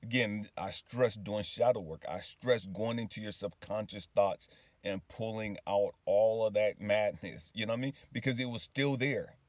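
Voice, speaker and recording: A man's voice: on the low side, normal speed, no room sound. Dry, close-sounding man telling his story. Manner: casual, often asks "you know what I mean", laughs easily. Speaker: spiritual healing vlogger. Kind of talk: personal storytelling monologue.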